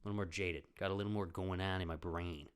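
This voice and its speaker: A man's voice: deep voice, steady tone, fast talker, clear, resonant tone. A young man in his twenties hosting a podcast, telling a rambling story in casual chat, swearing often. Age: 20s. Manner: rambling, swears often, acts out quoted voices. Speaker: podcast host.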